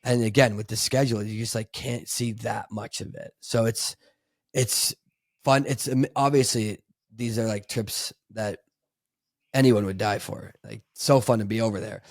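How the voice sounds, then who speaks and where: A man's voice: lowish voice, steady tone, moderate pace, vocal fry, dry recording, clean studio sound. A man co-hosting a podcast, chatting casually and rambling with lots of fillers, restarts and laughs. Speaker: podcast co-host. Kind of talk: casual chat.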